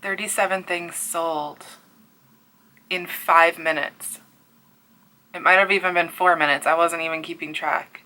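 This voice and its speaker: A woman's voice: lowish voice, fairly even intonation, unhurried, long pauses, pushed and bright. A young woman from Canada with a Newfoundland accent, talking in a casual home vlog about her crochet business, breathless and overwhelmed, sighing and dropping to near-whispers. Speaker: crochet artist and small business owner.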